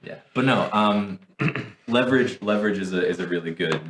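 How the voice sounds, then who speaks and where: A man's voice: fairly low pitch, normal speed. A young man co-hosting a gaming stream, chatting casually and rambling through long explanations with many restarts. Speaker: co-host and player. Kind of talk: casual chat while gaming. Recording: echoey room, faint noise.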